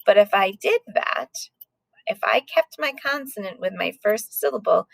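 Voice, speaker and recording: A woman's voice: mid-range voice, lively intonation, a little slow, creaky, fairly bright tone, slightly rough, dry recording. A woman teaching a recorded phonics lesson to second graders, sounding out letters patiently.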